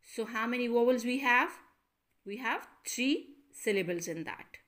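Slow woman teacher drilling syllables. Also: fairly high pitch, lively intonation, fairly bright tone. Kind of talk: classroom lesson.

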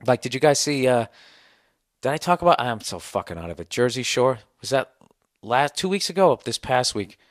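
Very animated and talking at normal speed, a U.S. man in his 40s rants casually on his podcast, swearing and telling rambling stories in an incredulous tone. His mid-range voice is slightly hoarse from a sore throat, captured in a dry, studio-quality recording.

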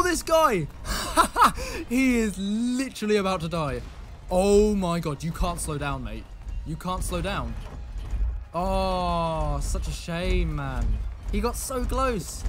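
A young man giving live gameplay commentary, excitable, swinging from muttered asides to yelling at the game. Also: fairly high pitch, background noise. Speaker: gaming video creator.

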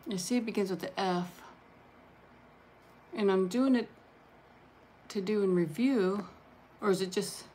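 A woman hosting a casual live stream, chatting warmly and gushing, thanking viewers one by one. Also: medium pitch, a little hiss or hum. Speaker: livestream host showing handmade junk journals.

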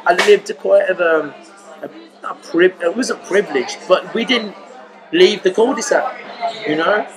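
A man from Birmingham, England, with a Birmingham accent, chatting as a guest on a podcast and telling stories in an animated, joking way with crude humour. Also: sits high, a little slow, over music, poor audio. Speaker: guest comedian. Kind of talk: casual podcast chat.

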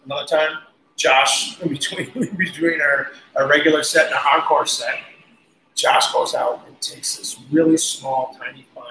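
A man guest on an interview, telling casual, animated stories with laughs and cursing. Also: a little high. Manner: animated, laughing, swears freely. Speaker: guest musician. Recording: roomy echo, faint noise.

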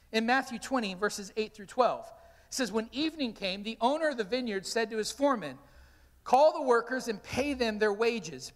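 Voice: mid-range voice, fairly bright tone, long reverb tail. A pastor preaching a sermon, telling stories and animatedly acting out the quotes. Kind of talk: sermon with storytelling. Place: church sanctuary.

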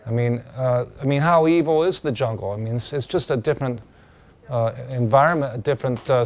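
A man teaching a class in a relaxed lecture voice. He thinks out loud and stumbles through restarts and fillers. His pitch sits in a middle range. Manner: conversational, with many fillers and restarts.

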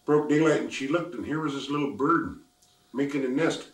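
An elderly storyteller from the Lummi Nation, speaking in a gravelly voice of middle pitch and telling his tale in simple, repeating phrases. The recording is roomy and echoey, with the mic set some distance away. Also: moderate pace. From Lummi Nation, Washington, US. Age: older. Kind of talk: traditional oral storytelling.

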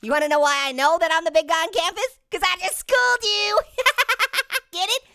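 A man voicing a hyper, pun-loving talking orange, hosting gameplay commentary in a squeaky, sped-up high voice with constant giggly laughs. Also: fairly even intonation, a little fast, pushed and bright. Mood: manic. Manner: manic punning, constant cackling laughs. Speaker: let's play host. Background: game music.

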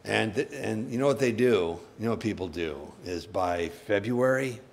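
A man pastor preaching a sermon, conversational and plain-spoken, with sudden animated bursts. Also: on the low side, unhurried, gravelly.

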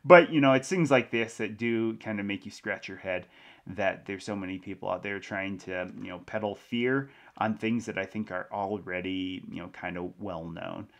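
A man's voice: sits low, moderate pace, gravelly, muffled recording. A man hosting a crypto news show, reading an article aloud and adding casual commentary with small laughs.

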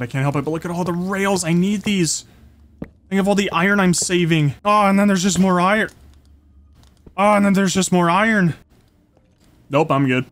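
A man giving casual, excitable commentary while playing a survival game, chatting to the creatures on screen. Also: a little high, a little hiss or hum. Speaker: gameplay streamer.

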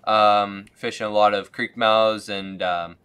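A man giving a casual fly-tying demonstration in an easygoing way, laughing often and pausing with ums. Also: on the low side, flat delivery, pushed and bright, smooth. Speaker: fly tier demonstrating a pattern.

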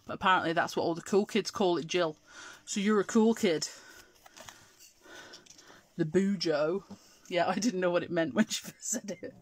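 A middle-aged woman from Scotland with an English accent hosts a live crafting demonstration, chatting to viewers and answering their comments as she works. Her voice is fairly low and her speed normal. There's no room sound.

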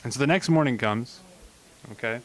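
A man's voice: mid-range voice, moderate pace, a bit bright. A teenage boy presenting a school joke segment, telling a long rambling joke and checking in with "okay?".

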